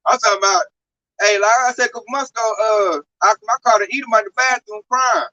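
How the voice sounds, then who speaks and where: Guy with a bright voice, dry muffled sound, slangy and fired up. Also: high-pitched, fast talker, no room sound. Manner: slangy, emphatic, acts out quotes. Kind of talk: casual religious talk. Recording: muffled lo-fi recording.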